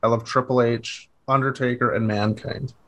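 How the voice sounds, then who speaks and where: A man from Minnesota co-hosting a podcast, telling crude stories in an animated way and laughing often. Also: medium pitch, normal speed. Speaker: podcast co-host. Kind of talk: casual chat.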